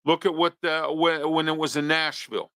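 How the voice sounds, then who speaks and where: A man's voice: a little high, level tone, moderate pace, pushed and bright, no echo, studio quality. A man hosting a local talk show, scolding his listeners with rhetorical questions in an opinion commentary.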